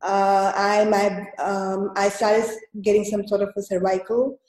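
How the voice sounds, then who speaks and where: A woman's voice: mid-range voice, level tone, measured pace, darkish tone, reverberant, poor audio. A woman guest telling her own story in an interview, hesitant and full of fillers and restarts. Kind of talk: conversational storytelling.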